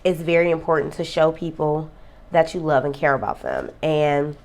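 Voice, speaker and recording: Close to tears, a woman talks earnestly about losing a friend in a personal vlog, emotional and reflective. Her low-pitched, darkish voice moves at a moderate pace with fairly even intonation.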